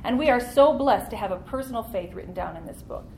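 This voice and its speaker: A woman's voice: on the high side, expressive, fast, darkish tone, slight background noise. Earnest woman leading a Bible study. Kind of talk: teaching a church Bible study class.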